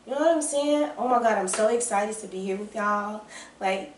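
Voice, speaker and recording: Excitable Southern woman chatting in her kitchen. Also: mid-range voice, moderate pace, distant mic, a little hiss or hum. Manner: excitable, chatty, calls viewers y'all and baby. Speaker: home baking vlogger. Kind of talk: casual chat to camera. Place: home kitchen. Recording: roomy kitchen sound, off-mic.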